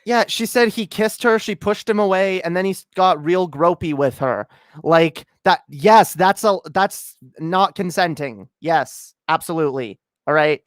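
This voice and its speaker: A man's voice: high-pitched, a little slow, no room sound, clean studio sound. A man co-hosting a podcast, talking emphatically and profanely with stammering restarts. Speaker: podcast co-host. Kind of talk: casual chat.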